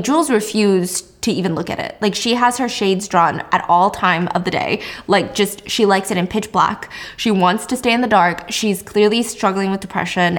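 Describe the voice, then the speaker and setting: A woman hosting a casual chat, retelling a drama with animated, playful storytelling. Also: medium pitch. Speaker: host.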